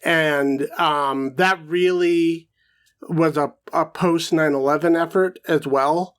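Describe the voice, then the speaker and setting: A man's voice: a little high, steady tone, slow pace, clean tone. A man co-hosting a podcast, chatting casually about a film and thinking aloud with lots of fillers. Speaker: podcast co-host.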